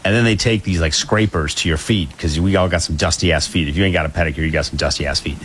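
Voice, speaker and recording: A man's voice: low-pitched, fast, fairly bright tone, slight background noise. A man co-hosting a casual podcast, telling a wry story in a laid-back way. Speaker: podcast co-host.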